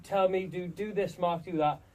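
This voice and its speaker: A man's voice: high voice, fairly even intonation, normal speed, recorded from a distance. Friendly man from Wales interviewing. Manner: self-deprecating, friendly. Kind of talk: casual interview.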